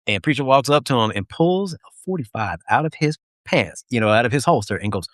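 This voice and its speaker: A man's voice: mid-range voice, animated, a little fast, a bit bright, no room sound, studio quality. A man telling rowdy stories in casual live-video chat, laughing often and swearing freely. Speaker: military veteran guest.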